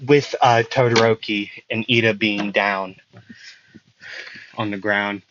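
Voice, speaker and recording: A man's voice: on the low side, steady tone, slow, fairly bright tone, dull audio, a little hiss or hum. A man improvising a fan story, rambling and correcting himself with lots of fillers.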